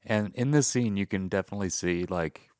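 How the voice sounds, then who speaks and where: Low-voiced male podcast co-host, sarcastic plot recapper, dry close sound. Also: brisk, darkish tone, dry recording. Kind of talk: casual comedic movie review chat.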